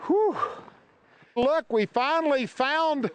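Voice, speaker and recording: Male outdoor host, high voice, eager exclamations, slightly out of breath. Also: lively intonation, measured pace, a little hiss or hum, poor audio. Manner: enthusiastic, exclaiming. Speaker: TV travel show host. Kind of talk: on-location interviewing while hiking. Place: outdoors on a high mountain trail.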